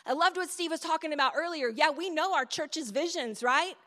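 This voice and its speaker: A woman's voice: high voice, fairly quick, fairly bright tone. A middle-aged woman preaching a sermon in a conversational storytelling way, with asides to the audience. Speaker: speaker at a church event. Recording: long hall reverb.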